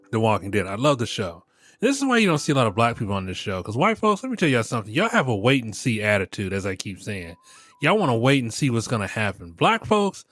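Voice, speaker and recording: A middle-aged man hosting a podcast in a casual comic monologue, laughing often, swearing freely and talking straight to his listeners. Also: medium pitch. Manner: animated, laughing, profane, talks to listeners as y'all. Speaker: podcast host.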